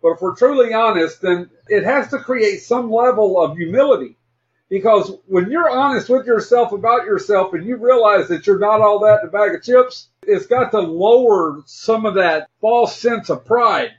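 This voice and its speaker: A man's voice: high-pitched, moderate pace, dull audio. A man hosting a recovery talk show, speaking in an earnest, folksy way. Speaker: podcast host.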